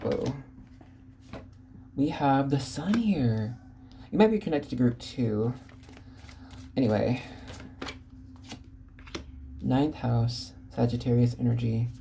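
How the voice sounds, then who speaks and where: Woman, very low mellow voice, giggly rambling tarot reader, casual address to camera. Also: slow pace, gravelly, pauses often, slight background noise. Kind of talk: casual tarot reading to viewers.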